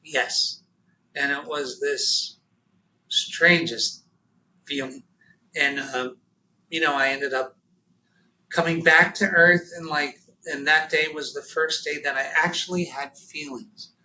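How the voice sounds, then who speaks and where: A man shares a raw personal story in an interview. He speaks haltingly and emotionally, near tears, with plenty of fillers. His voice sits a bit high and is strikingly bright and sharp. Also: steady tone, a little hiss or hum, poor audio. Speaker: podcast guest.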